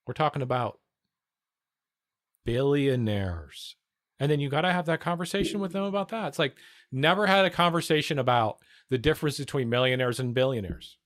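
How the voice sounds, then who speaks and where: A man's voice: medium pitch, no room sound, studio quality. A man livestreaming, reacting to the news in a casual political rant, profane, rambling and sardonic.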